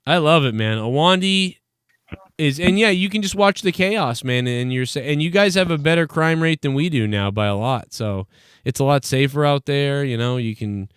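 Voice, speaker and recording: Clear-voiced man hosting a live show. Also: on the high side, moderate pace, a bit bright, no echo, clean studio sound. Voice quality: clear, laughs often. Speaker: host. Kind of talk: casual live call-in chat.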